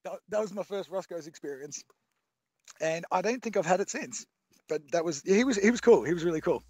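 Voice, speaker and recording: A recording engineer in his thirties talks through his sessions in a loose, restless way, circling back and restarting his sentences. His voice sits a little high for a man. The sound is dry and close. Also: lively intonation, a little fast, darkish tone, no echo. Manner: rambling with many restarts and fillers. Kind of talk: casual interview talk.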